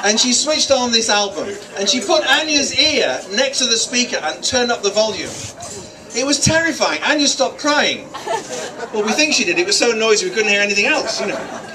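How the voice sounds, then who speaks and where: Dad giving a jokey wedding speech, highish voice, far off with a noisy crowd. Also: male voice, sing-song, normal speed. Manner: joking, teasing the guests. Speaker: father of the bride. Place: wedding reception hall. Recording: distant, with crowd noise. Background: guests laughing and chattering.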